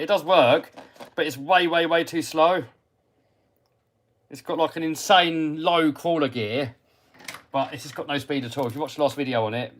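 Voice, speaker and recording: An English man hosting a casual live stream about radio-control cars, reading out viewer comments and answering them, muttering to himself while he cleans parts. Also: a little high. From England. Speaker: RC hobby livestream host. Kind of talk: casual live-stream chat while working on a model car.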